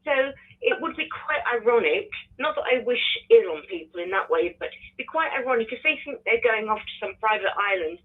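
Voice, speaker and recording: A woman's voice: fairly high pitch, expressive, fairly quick. A woman from the UK with a British accent calling in, giving blunt, opinionated comments. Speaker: caller. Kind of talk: phone-in comment. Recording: tinny phone line.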